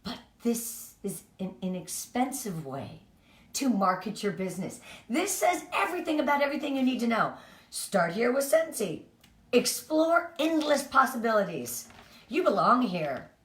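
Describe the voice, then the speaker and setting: Speaking at normal speed in a very animated, slightly high voice, a woman heading a direct sales team gives an upbeat, chatty motivational training session. The sound is roomy and distant.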